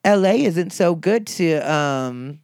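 A man putting on a poor British accent to mimic a prim, slow-talking woman. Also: on the high side, expressive, a little mellow, clean tone, dry recording, clean studio sound. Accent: British (put on, poor).

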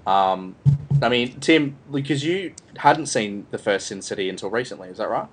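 A man's voice: fairly low pitch, animated, normal speed, husky. A man hosting a casual film review podcast, rambling with lots of fillers and restarts. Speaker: podcast host.

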